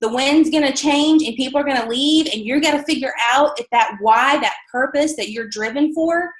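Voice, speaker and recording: Middle-aged woman, motivational speaker, chatty and candid, slightly high voice, echoey hall. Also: moderate pace. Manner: chatty, candid, self-deprecating, many fillers. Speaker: motivational speaker at a sales team event. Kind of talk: conversational motivational talk.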